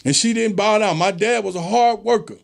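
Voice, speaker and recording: Gravelly high-voiced man preaching. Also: fairly quick. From American South. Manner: preachy, emphatic, acts out quoted voices. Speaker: show host. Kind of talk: casual monologue.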